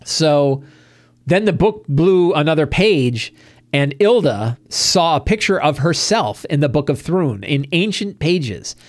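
A man with a voice on the high side speaks slowly, with no room sound, while hosting a talk on game-master prep. He animatedly recounts a tabletop session, acting out the players' lines and restarting often.

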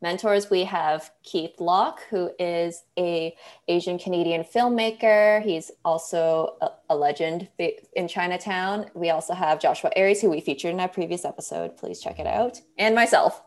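A woman's voice: lowish voice, normal speed, darkish tone. Teasing woman podcast co-host. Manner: teasing, mock-formal quips. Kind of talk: casual podcast chat.

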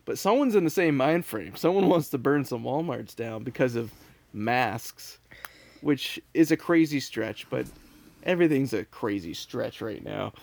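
A man's voice: medium pitch, animated, measured pace, vocal fry, darkish tone. A man in casual chat, chiming in with dry, joking asides.

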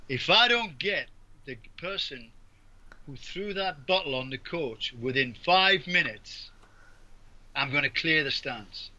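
A man's voice: on the high side, bright, forceful tone. An English man, a former referee, telling rambling anecdotes in an interview, with restarts and laughs. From England. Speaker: guest, former basketball referee. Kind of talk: storytelling in an interview. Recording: dull lo-fi audio.

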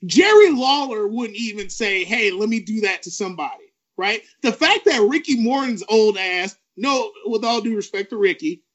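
A man co-hosting a podcast, ranting with animated, profane emphasis. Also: sits high, moderate pace, few pauses, lo-fi sound. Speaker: podcast co-host. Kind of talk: ranting wrestling podcast talk.

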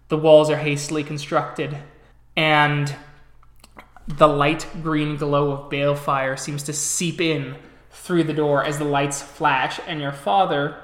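A man's voice: on the high side, a bit bright. Man narrating a tabletop game, echoey. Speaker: storyteller.

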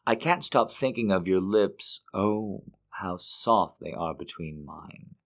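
A man hosting a show and reading poems aloud in an expressive way, lifting some lines and dropping others to a hush. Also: sits low, takes it slowly, creaky. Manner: expressive reader, swings between lifted and hushed phrases. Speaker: host. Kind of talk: poetry reading.

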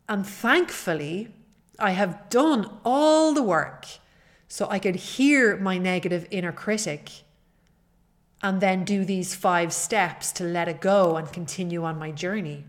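A woman's voice: lowish voice, slow pace. Earnest woman podcast host. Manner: earnest, personal, coaching tone. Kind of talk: solo podcast monologue.

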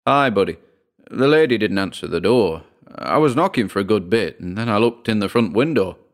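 A man's voice: on the low side, animated, moderate pace. A man voicing a friendly, casual damp-proof workman in an audio horror story. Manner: matey, casual.

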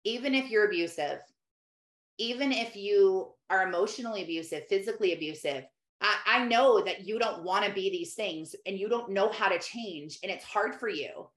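A woman's voice: medium pitch, normal speed. A woman, likely in her thirties, speaking earnestly and directly to mothers in a faith-based conversational talk. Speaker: host. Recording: echoey room.

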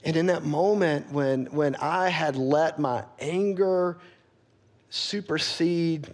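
High-voiced earnest male pastor. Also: takes it slowly. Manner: earnest, candid, asks the congregation for agreement; drops soft and quiet when getting personal. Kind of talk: sermon.

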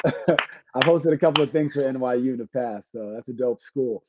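A man from Brooklyn, a guest entertainer chatting on a podcast, telling animated stories with jokes and laughs. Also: medium pitch, moderate pace, background noise. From Brooklyn, New York. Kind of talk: casual podcast chat. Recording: dry, slightly dull lo-fi sound.

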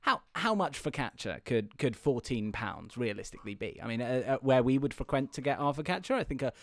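On his podcast, a young man speaks a little fast in a medium-pitched, sing-song voice with a fairly bright tone. The dry recording captures his casual chat as he rambles through long stories, tripping over words and laughing a lot.

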